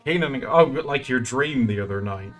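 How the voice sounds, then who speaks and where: Man, casual stream chat, rambling, animated pitch, faint guitar music. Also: moderate pace. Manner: chatty, rambling, laughs often. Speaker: art streamer.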